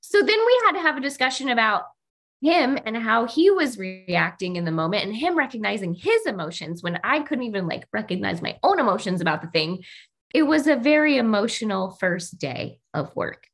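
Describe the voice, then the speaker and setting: Woman podcast host, gravelly edge, bouncy storyteller voice. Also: fairly high pitch, a little fast. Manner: animated storyteller, acts out quotes. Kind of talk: casual workplace podcast chat.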